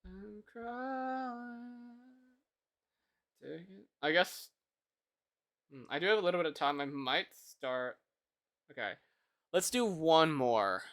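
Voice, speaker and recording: A live streamer greeting viewers and thanking them, humming and mumbling quietly between remarks while coding at a desk mic. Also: medium pitch, lively intonation, measured pace, pauses often. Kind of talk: casual chat while coding.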